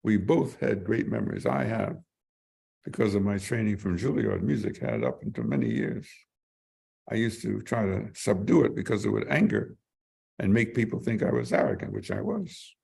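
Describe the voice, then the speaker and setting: Here an older interview guest spins vivid stories in a lowish, gravelly voice with a breathy edge, talking at normal speed. He animatedly acts out other people's words and sometimes repeats himself while searching for a word.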